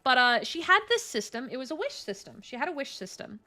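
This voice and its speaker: Lively high-voiced young woman telling stories. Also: brisk. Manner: animated, swears casually, laughs often. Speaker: streamer. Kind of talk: casual storytelling chat.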